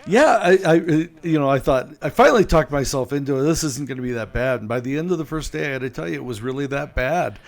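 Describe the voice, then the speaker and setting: A man's voice: mid-range voice, quick pace, gravelly, hardly any pauses. American man telling stories with humor. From United States. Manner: animated anecdotes, self-deprecating humor. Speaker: guest author. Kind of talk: conversational storytelling.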